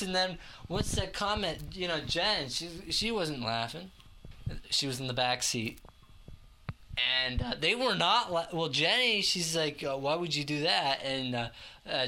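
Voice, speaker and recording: A man's voice: fairly high pitch, bright, forceful tone, slight background noise. A young man rambling through a crude monologue to the camera, laughing at his own jokes and stumbling over his words. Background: guitar music.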